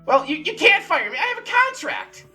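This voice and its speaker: A man voicing a squeaky, indignant little fire fairy in a tabletop game. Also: sing-song, moderate pace, pushed and bright, faint music behind, full character voice.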